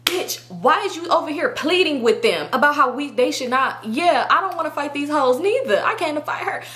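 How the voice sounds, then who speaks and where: A young woman tells her viewers a story in a casual, animated way, packed with slang and swearing. Her voice sits high for a woman. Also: a little fast. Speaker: storytime vlogger.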